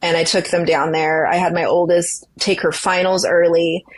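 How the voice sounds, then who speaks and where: A woman's voice: fairly low pitch, level tone, moderate pace, no room sound. A woman guest telling running stories in a casual interview, chatty and often laughing. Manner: chatty storytelling, frequent laughter. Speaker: guest, ultra runner.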